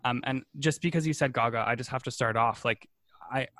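A man hosts a casual podcast chat, gushing with enthusiasm. His pitch sits in the middle for a man. The sound is dry and close. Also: fairly quick, sharp tone, no room sound. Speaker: podcast host.

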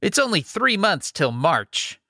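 A man's voice: high-pitched, sing-song, a little slow, bright, forceful tone, dry recording, clean studio sound. A man co-hosting a podcast in casual, playful chat, talking up his good mood. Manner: playful, chatty, mock-upbeat. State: scratchy throat. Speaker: podcast co-host.

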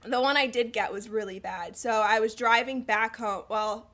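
Bright, animated young woman telling stories. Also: a little high, normal speed. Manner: animated storytelling with laughter and acted quotes. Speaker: guest storyteller. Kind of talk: casual chat.

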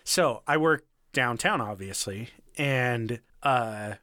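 A man's voice: medium pitch, slow, crowd noise. A young man co-hosting a casual podcast, telling a story with lots of swearing, laughing and self-mockery. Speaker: podcast co-host.

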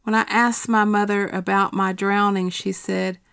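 A middle-aged woman reading her personal essay aloud in a quiet, measured, steady way. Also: medium pitch, gravelly, clear, resonant tone, no echo, studio quality.

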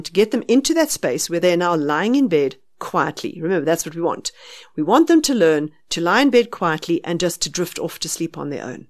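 South African woman, lowish voice, firm practical sleep-advice explainer for a podcast. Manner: explains firmly, acts out soothing a baby in a hushed voice.

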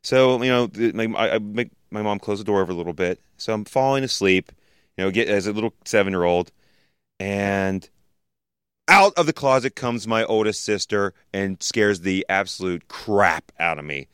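Low-voiced rambling man, dry mic. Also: normal speed, a bit bright, smooth, dry recording. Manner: rambling, trails off into fillers like "you know". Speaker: podcast co-host. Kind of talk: casual storytelling chat.

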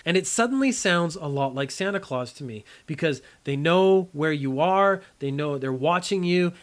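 A man's voice: on the high side, fairly bright tone. A man hosting a podcast, telling a history story in a casual, jokey and emphatic way. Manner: jokey, emphatic, playful asides. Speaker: podcast host.

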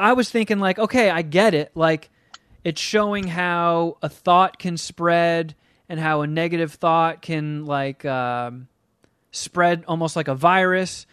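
A man's voice: a little high, fairly bright tone, clear, resonant tone, no room sound, studio quality. A man on a podcast ranting about a movie he hated in a casual, profane, exasperated way. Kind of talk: casual comedic movie rant.

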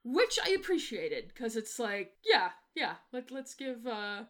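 A woman with a fairly high voice co-hosts a laid-back movie podcast. She jokes and swears freely as she chats about films. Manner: profane, lively, quick to joke. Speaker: podcast co-host. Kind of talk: casual movie review chat.

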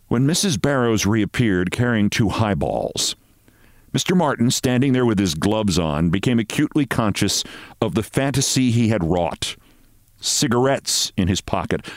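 Low, lively man reading a story. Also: no echo, clean studio sound. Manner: expressive storytelling, shifting voices. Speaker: podcast host. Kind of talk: reading a short story aloud.

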